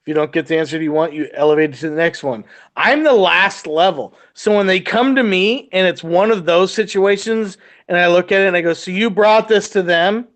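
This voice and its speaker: A man who supervises in the military, chatting casually in a garage and telling animated stories, swearing often and acting out the people he quotes. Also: sits high, brisk, few pauses. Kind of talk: casual chat.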